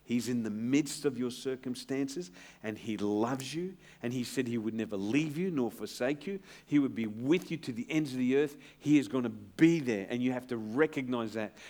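A middle-aged man, a pastor, preaching a sermon in an earnest, emphatic way and dropping to a hushed tone to reassure. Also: medium pitch.

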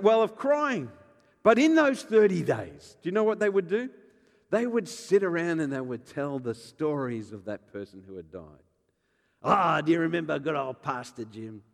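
A man, a pastor preaching a sermon with animated, joking storytelling and acted-out voices. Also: fairly high pitch, long reverb tail.

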